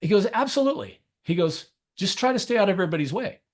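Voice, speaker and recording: A man with a slightly high, very lively voice tells coaching stories on a podcast. He slips into the voices of the people he quotes and laughs readily as he goes. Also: rapid-fire. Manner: animated storyteller acting out quoted dialogue; laughs often while talking. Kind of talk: casual podcast chat.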